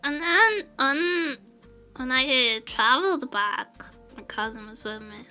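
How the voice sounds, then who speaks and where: A woman's voice: high-pitched, slow, soft background music. A young woman streamer chatting casually and telling stories, laughing often. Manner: laughs often, animated storytelling. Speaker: vtuber streamer. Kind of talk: casual chat.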